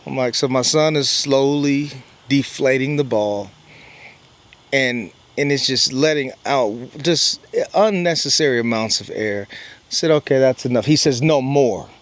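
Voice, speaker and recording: A man's voice: medium pitch, a little slow. Emphatic middle-aged man telling a story. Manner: animated, emphatic, repeats words like "man" and "bro". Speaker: vlogger, storyteller. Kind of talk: casual storytelling monologue.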